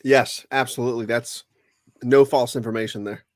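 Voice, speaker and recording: A man's voice: medium pitch, steady tone, moderate pace, no room sound, clean studio sound. A laid-back man co-hosting a casual livestream. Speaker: co-host.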